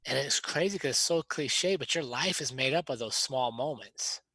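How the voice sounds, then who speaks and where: A man co-hosting a podcast in casual chat, animated and quick to laugh. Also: mid-range voice, slightly rough, dry recording. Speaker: podcast co-host.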